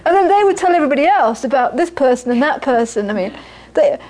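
High-voiced woman giving a chatty teaching talk. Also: sing-song, fast talker, darkish tone. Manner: chatty and anecdotal, with frequent laughter. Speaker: meditation teacher. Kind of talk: casual spoken teaching talk.

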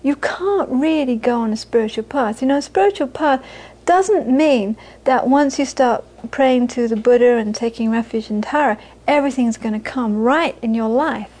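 A middle-aged Buddhist teacher speaks at a moderate pace with hardly any pauses, her fairly high voice a little mellow despite the low-quality recording. In an informal dharma talk to an audience, she chats, repeats phrases to drive points home, and laughs often.

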